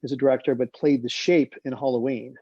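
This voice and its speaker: Gravelly man telling film stories. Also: mid-range voice, brisk, no room sound. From United States. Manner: rambling, animated, acts out quoted dialogue. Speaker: film director and producer. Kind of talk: casual anecdotal storytelling. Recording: dull lo-fi sound.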